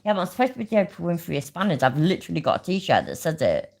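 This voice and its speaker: A woman's voice: lowish voice, very animated, rapid-fire, vocal fry, darkish tone. A woman giving casual, sweary reaction commentary while reading her chat. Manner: swears a lot, laughs, talks to the chat. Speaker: commentary streamer.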